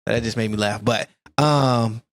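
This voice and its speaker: A man's voice: on the low side, measured pace, no room sound. Easygoing Southern man, dry sound. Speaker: reaction video co-host. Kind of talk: casual reaction chat.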